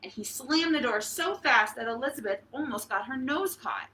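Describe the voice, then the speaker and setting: A woman leading a preschool storytime as librarian, reading aloud and singing with a cheerful, animated manner. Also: high-pitched, normal speed, reverberant. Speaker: children's librarian. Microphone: fixed camera.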